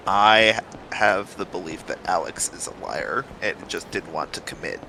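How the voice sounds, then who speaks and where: A man's voice: low-pitched, moderate pace, sharp tone, a little hiss or hum. A man bantering on a game stream, teasing his friend in a dry way.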